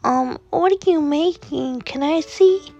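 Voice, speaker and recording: A squeaky little boy fox pup, as a woman puts him on, eager and curious, pleading in a high childlike whine. The voice carries a gravelly crackle, with faint music underneath. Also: slow, warm tone, lo-fi sound.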